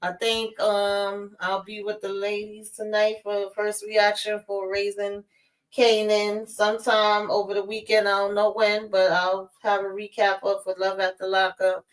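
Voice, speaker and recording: A woman's voice: medium pitch, monotone, unhurried, low-quality recording. Chatty woman plugging her shows. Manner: chatty, sing-song sign-off plugs. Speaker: guest reviewer. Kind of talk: casual live-stream chat.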